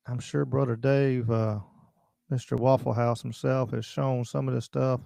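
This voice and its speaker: A man hosts a livestream chat in a gravelly, dark-toned voice. He talks bluntly and rambles from point to point, reading out viewer comments. The sound is close and dry. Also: medium pitch, flat delivery, unhurried, dry recording. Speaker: podcast host. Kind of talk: casual livestream talk.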